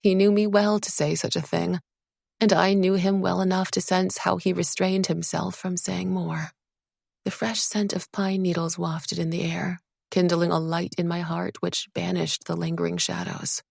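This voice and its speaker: Gravelly low-voiced woman narrator. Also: little pitch movement, moderate pace, darkish tone, dry recording, clean studio sound. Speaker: audiobook narrator. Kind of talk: first-person fantasy audiobook narration.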